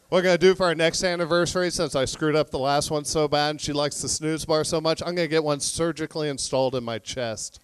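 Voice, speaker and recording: A man doing a stand-up comedy set on a club stage, telling deadpan stories and acting out both sides of conversations. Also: fairly high pitch, fast talker, few pauses, clear, resonant tone, no echo.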